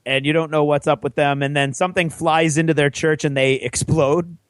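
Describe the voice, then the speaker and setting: A man's voice: a little high, steady tone, brisk, smooth, dry recording. A man co-hosting a podcast, telling a long story in casual chat with rambling enthusiasm. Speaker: podcast co-host.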